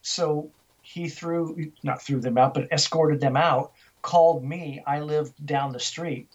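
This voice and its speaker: Slow-paced and a little high-pitched, an older man recounts a story energetically as a guest in an interview. The sound is lo-fi, and he repeatedly restarts and doubles up on words.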